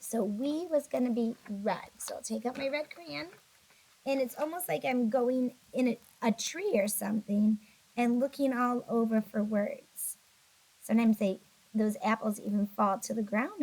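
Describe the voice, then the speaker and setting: A woman's voice: fairly high pitch, breathy edge, low-quality recording. A woman teacher recording a video lesson for young children, patient and encouraging, a little sleepy and yawning. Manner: patient, encouraging, talks to kids directly.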